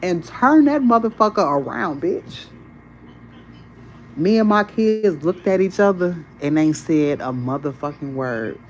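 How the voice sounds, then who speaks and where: A woman talks to her viewers in a loose, rambling way. She is animated and swears freely, with a faint hum of background noise. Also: sits low, poor audio. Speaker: spiritual content creator. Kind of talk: casual storytelling to viewers.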